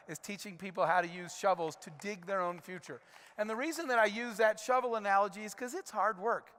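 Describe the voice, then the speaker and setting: Middle-aged male keynote speaker, high-pitched, energetic storyteller, reverberant hall sound. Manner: energetic storytelling, rhetorical questions. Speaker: conference speaker. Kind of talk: keynote speech. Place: large conference hall.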